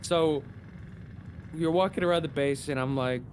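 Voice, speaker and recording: A man chatting on a live stream, his voice sitting a bit high as he swears freely and gets animated retelling a game. A steady noise runs under the recording. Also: unhurried. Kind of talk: casual chat.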